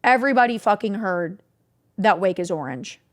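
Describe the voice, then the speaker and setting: A young woman streamer casually recapping stories to her chat, animated and swearing freely. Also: mid-range voice, normal speed.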